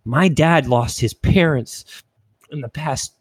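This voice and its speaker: A man's voice: on the high side, slow pace, breathy edge, no room sound. A young man hosting a podcast, telling an emotional story in a rambling casual way with frequent swearing. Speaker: podcast host. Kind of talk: casual chat.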